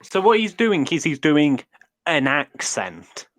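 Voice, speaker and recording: A man in casual podcast chat, dropping dry, deadpan one-liners. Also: a little high, slow.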